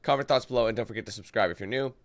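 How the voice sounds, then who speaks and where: A man's voice: mid-range voice, rapid-fire, no echo. A man talking casually on a live stream, rambling and chatty, tired, greeting his chat by name. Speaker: livestreamer.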